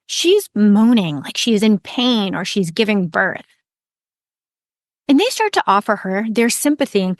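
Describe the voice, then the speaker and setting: A woman hosting a podcast, retelling an ancient myth in a calm, measured storytelling voice. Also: a little high, dry recording, studio quality. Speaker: podcast host.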